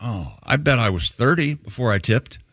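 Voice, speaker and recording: A man co-hosting a casual talk show, animated and quick to laugh. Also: mid-range voice, dry recording, clean studio sound. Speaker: co-host. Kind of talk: casual chat.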